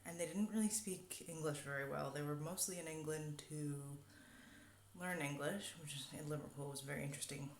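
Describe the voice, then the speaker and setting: A woman's voice: sits low, brisk, slight background noise. Woman telling a rambling story. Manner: rambling, many fillers. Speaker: vlogger. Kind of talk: casual storytelling. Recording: echoey room.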